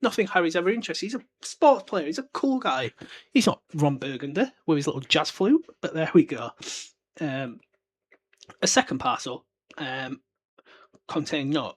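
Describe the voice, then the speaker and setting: A British man in his twenties speaks in a fairly high, animated voice at a moderate pace while hosting a podcast. The book discussion is casual and rambling, with loose chat and offhand swearing.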